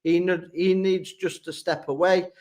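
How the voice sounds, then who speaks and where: A man from Sheffield hosts a live football fan stream. He reads out viewer comments and answers them bluntly in a chatty tone, and his voice sits fairly high for a man. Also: fairly even intonation, measured pace, a little mellow. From England. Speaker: fan channel host.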